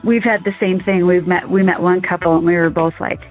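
A woman from Montana chatting as a podcast guest, relaxed and quick to laugh. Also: fairly low pitch. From Montana, USA. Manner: laughs easily, relaxed with fillers. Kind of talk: casual interview chat. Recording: phone-like line with faint music.

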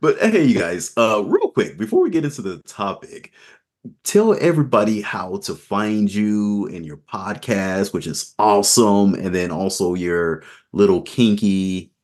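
A man hosting a casual adult podcast, telling stories with lots of laughter and squeaky put-on voices. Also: a little slow. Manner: animated storyteller, laughs and jumps into high-pitched voices. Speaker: podcast host.

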